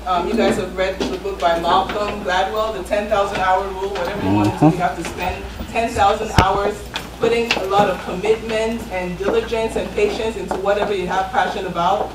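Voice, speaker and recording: A woman's voice: mid-range voice, steady tone, brisk, few pauses, over a noisy crowd. A woman hosting a live event, giving an encouraging talk with frequent ums. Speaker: event host. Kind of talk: motivational talk. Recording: echoey room, far from mic, noisy.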